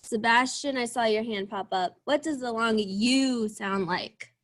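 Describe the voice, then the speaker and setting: A young woman leads an early reading lesson over a video call, her voice pitched a little high. She speaks slowly and stretches out each sound, praising the children as she goes. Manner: slow, encouraging, drawn-out sounds. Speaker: teacher. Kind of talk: online class lesson.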